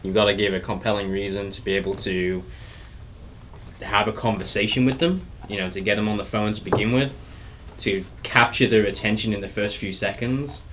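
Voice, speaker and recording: A man with a Texan accent, a real estate team leader, explaining things in a steady, matter-of-fact way on a casual podcast. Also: lowish voice, brisk, slight background noise.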